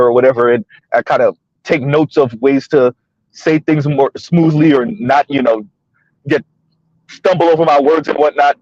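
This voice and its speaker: Chatty man with a higher voice. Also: brisk, a little mellow, dry recording, dull audio. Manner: chatty, laughs often, keeps asking "right?". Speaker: commentary channel host. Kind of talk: casual commentary while driving. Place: inside a car on the road.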